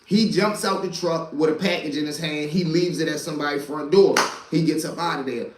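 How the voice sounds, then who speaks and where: A man's voice: a little high, fairly quick, noisy background. A man casually telling a rambling, profane street story to a live audience. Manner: loose, profane street storytelling with many asides. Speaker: storyteller and channel host. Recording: roomy echo.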